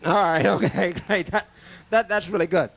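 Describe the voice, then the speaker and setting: A man doing a stand-up comedy set in a club, jokey and animated, stammering through restarts and bantering with the crowd and the waiter. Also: high-pitched, normal speed, gravelly.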